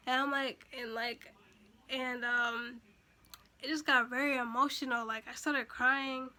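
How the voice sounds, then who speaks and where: A young adult woman, a vlogger, tells a personal story in a casual storytime style, chatty and full of fillers and restarts. Her voice is high-pitched, bright and pushed, with a steady tone and moderate pace. She gets emotional at moments and is near tears at times.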